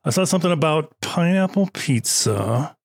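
A man co-hosting a comedy podcast, telling a story in a deadpan, drawn-out way. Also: on the high side, vocal fry, no echo, clean studio sound. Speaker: podcast co-host.

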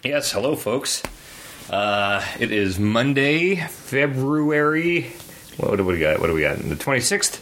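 Casual male podcast host, somewhat low voice, lively and rambling, faint hiss behind. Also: normal speed. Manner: animated, teasing, rambling. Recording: faint background noise.

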